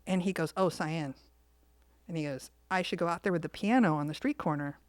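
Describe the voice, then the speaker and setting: Woman, podcast co-host, chatty animated storyteller, slightly low voice, dry close sound. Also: a little fast, dry recording. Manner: animated storyteller, acts out quoted lines. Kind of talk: casual storytelling chat.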